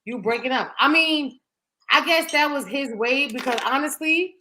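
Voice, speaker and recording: Pushed and bright, her high voice moves at normal speed over a rough recording. She's a young woman co-hosting a podcast, recounting a dating episode in blunt, swear-filled chatter that leans hard on "like."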